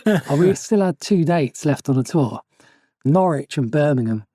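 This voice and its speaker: A man's voice: a little high, lively intonation, moderate pace, dark tone, no echo, studio quality. A man telling band anecdotes in a casual podcast chat, often chuckling. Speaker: guest musician.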